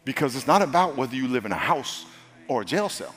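A male pastor delivering a sermon and altar call in an easy, conversational manner, often restarting and repeating words. His voice rings in a church hall with long reverb. Quiet music plays underneath. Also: medium pitch, big pitch swings, fast talker. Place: church sanctuary.

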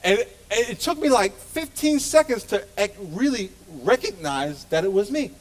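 Passionate, lively-voiced preacher man. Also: sits high, moderate pace. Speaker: pastor. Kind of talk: sermon. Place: church sanctuary.

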